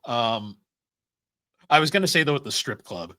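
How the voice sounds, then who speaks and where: A man's voice: medium pitch, big pitch swings, normal speed, sharp tone, no room sound. A man co-hosting a podcast, chatting casually and retelling scenes with quoted lines. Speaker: podcast co-host. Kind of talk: casual chat.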